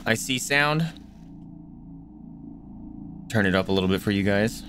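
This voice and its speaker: A man's voice: lowish voice, expressive, unhurried, long pauses, fairly bright tone, a little hiss or hum. Chatty man streaming a game. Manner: chatty, reacting aloud to the game. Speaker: gaming streamer. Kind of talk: casual let's-play commentary. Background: faint game music.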